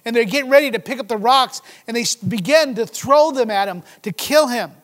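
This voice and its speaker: A man preaching a sermon, with swings between loud, emphatic passages and hushed, low stretches, and some restarts. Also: a little fast.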